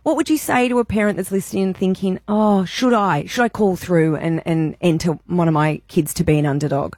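A woman's voice: on the low side, a little fast, a little mellow, dry recording. An Australian woman hosting a radio show, talking in an emotional, gushing way. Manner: emotional, gushing, tearful at times. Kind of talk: radio chat.

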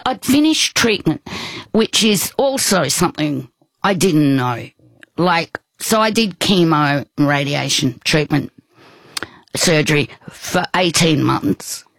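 A woman's voice: low voice, animated, slow pace, gravelly, no echo. A woman in conversation, telling a personal story in a rambling, hesitant way with many restarts. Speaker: guest.

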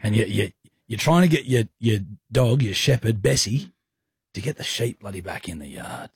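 Teasing male radio co-host, husky voice. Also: fairly low pitch, lively intonation, normal speed, dry recording, studio quality. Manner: teasing, laughing often. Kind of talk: breakfast radio banter.

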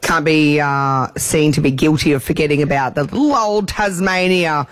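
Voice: mid-range voice, moderate pace, a bit bright, no echo, faint music behind. A radio co-host chatting loosely in casual banter, rambling with fillers.

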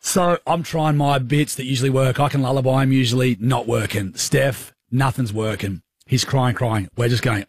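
A young Australian man co-hosting radio, telling a rambling, self-mocking story in a husky voice. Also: medium pitch, steady tone, moderate pace, few pauses, no echo, studio quality. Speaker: radio co-host. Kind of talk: casual storytelling chat. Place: radio studio.

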